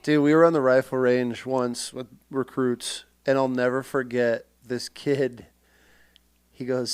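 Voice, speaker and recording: A man hosting a casual podcast, telling lively stories and swearing freely as he acts out shouted quotes. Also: mid-range voice, measured pace, clear, resonant tone. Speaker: podcast host. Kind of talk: casual storytelling chat.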